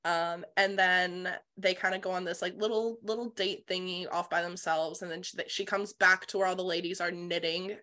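Woman, podcast co-host, bright forceful voice, casual book chat, animated, swearing, lots of "like". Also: on the low side, moderate pace, hardly any pauses. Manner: animated retelling, swears freely, filler 'like'.

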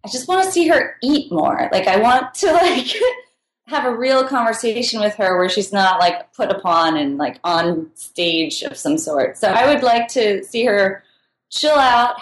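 A woman's voice: a little high, expressive, unhurried. Chatty woman in an echoey room. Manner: chatty and giggly, with frequent laughs. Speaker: podcast guest, food writer. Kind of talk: casual interview answers.

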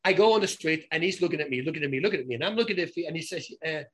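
A man telling stories in casual conversation, animated, and often repeating words and restarting his sentences. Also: on the high side, rapid-fire, breathy edge. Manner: animated, acts out both sides of conversations.

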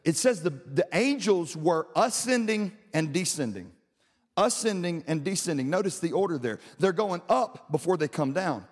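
A man preaching a sermon as pastor, telling a story and then rising into shouted preaching, his throat strained from shouting. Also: high voice, expressive, normal speed, in a large hall.

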